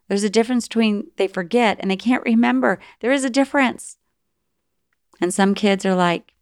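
A woman's voice: medium pitch, darkish tone, dry recording, studio quality. A middle-aged woman giving an earnest, encouraging faith-based talk on parenting, sometimes acting out what parents and children say. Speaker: Christian parenting speaker.

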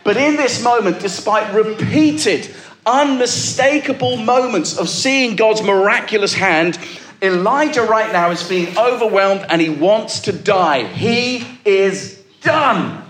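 A man's voice: high-pitched, a little slow, a bit bright, echoey room. A male pastor preaching a sermon to a congregation, emphatic and calling out to the listeners. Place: church with a live congregation.

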